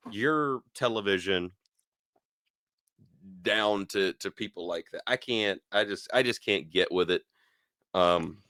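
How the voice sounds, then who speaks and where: A man hosts a casual wrestling review, telling each segment as an animated story and doubling back on his words. His voice is bright and smooth. The sound is dry and close. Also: mid-range voice, no echo. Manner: animated storyteller who acts out quotes, laughs often; repeats words and restarts mid-sentence.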